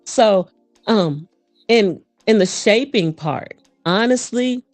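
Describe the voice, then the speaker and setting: A woman guest, a voice coach and performer, speaking in an animated, fast storytelling manner in a casual interview. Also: medium pitch, no room sound, soft background music.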